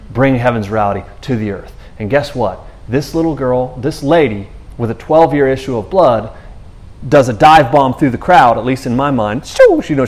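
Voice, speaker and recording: A man preaching in a loose, conversational podcast style, telling scripture stories in an animated way with slang and frequent restarts. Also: mid-range voice.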